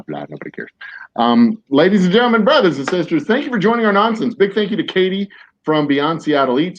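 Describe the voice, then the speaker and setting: A man hosting a podcast in casual chat, rambling through jokey, mock-serious tangents. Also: medium pitch. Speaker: podcast host. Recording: dull lo-fi, dry.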